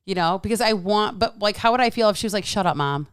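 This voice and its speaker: A woman's voice: medium pitch, fairly even intonation, quick pace, clear, resonant tone, no echo, studio quality. Frank, chatty woman in her forties. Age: 40s. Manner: chatty, frank, swears freely, acts out quotes. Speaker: podcast guest. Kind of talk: casual podcast chat.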